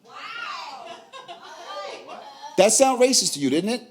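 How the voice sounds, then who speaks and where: A man's voice: on the high side, big pitch swings, normal speed. A young man with a Tulare, California accent performing a profane, brash stand-up comedy set. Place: comedy club.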